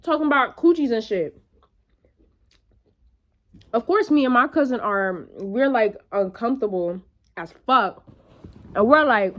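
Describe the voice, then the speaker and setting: A young woman speaks straight to her camera in a casual vlog, spinning a story with lots of swearing and asides to her viewers. Her voice sits a little on the high side, and she keeps it animated and conversational throughout. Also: unhurried, long pauses. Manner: animated, profane, storytelling with acted quotes. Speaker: vlogger.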